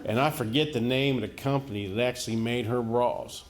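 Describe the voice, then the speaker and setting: A middle-aged man from the rural United States doing a stand-up comedy set, telling folksy, deadpan stories and chuckling at his own punchlines. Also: medium pitch, brisk. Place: comedy venue stage before a live audience. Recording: echoey live venue with loud audience laughter.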